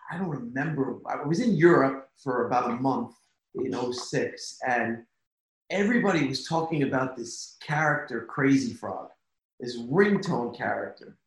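A man in an interview who tells business stories in an animated way, repeating himself and laughing easily. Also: medium pitch, normal speed. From United States. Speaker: toy company executive. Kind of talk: conversational interview. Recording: echoey room.

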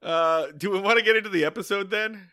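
A man's voice: high voice, quick pace, pushed and bright, no echo, studio quality. A man co-hosting a comedy podcast, bantering sarcastically and swearing casually. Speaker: podcast co-host.

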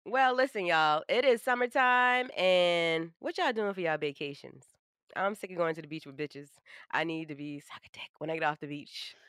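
A blunt, profane woman co-hosting a podcast in casual chat, with strong opinions. Her voice is bright and forward. The sound is dry and close. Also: fairly low pitch, normal speed, smooth, no room sound. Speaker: podcast co-host.

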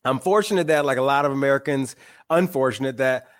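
A man in his thirties from Michigan, a guest and author, talking in a relaxed, wry, opinionated way. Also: mid-range voice, quick pace, dry recording, studio quality. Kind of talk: casual chat.

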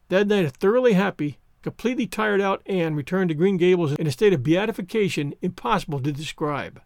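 A man reads a classic story aloud with expressive, theatrical narration. His voice sits high and swoops widely through each sentence, recorded dry and close with no room sound. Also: fairly quick, dry recording. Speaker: audiobook narrator.

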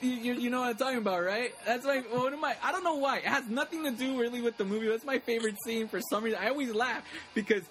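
A man in a casual movie chat, talking fast with lots of fillers and acting out lines from scenes. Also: very high voice, fairly bright tone.

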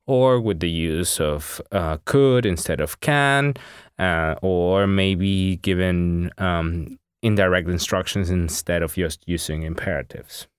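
Deep-voiced man patiently teaching Spanish. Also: takes it slowly, clear, resonant tone, no room sound, clean studio sound. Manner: patient, explanatory, gives examples. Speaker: Spanish teacher and podcast co-host. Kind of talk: patient grammar explanation.

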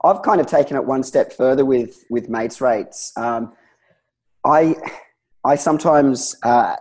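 Easygoing aussie guy, warm husky voice, lots of ums. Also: mid-range voice, a little slow. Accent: Australian. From Australia. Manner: laid-back, easygoing, hesitant with ums. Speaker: guest designer and letterer. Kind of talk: casual interview chat.

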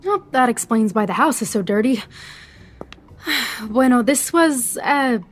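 A young woman playing a naive, sheltered girl raised by nuns, talking with wide-eyed, breathless excitement in a comedic parody. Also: fairly high pitch, a little slow. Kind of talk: comedic telenovela parody acting.

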